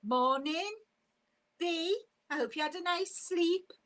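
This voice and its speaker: A woman hosting a casual live stream, chatty and quick to laugh as she reads viewer comments aloud. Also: extremely high pitch, fairly bright tone, poor audio.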